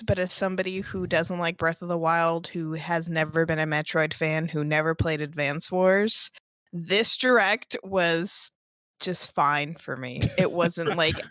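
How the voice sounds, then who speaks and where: A woman's voice: lowish voice, a bit bright, dry recording. A woman on a gaming podcast, laid-back and candid in casual chat.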